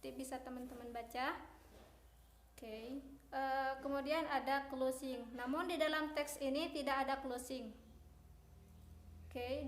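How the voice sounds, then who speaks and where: A woman's voice: high-pitched, bright, forceful tone, a little hiss or hum. A young Indonesian woman teaching English pronunciation in a video lesson, with an Indonesian accent, switching between Indonesian and English and repeating each word for students to echo.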